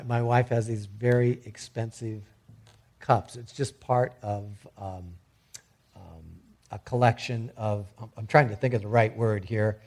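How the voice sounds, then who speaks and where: A man's voice: medium pitch, darkish tone. A middle-aged man preaching a sermon in a conversational way, often restarting his sentences. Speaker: pastor.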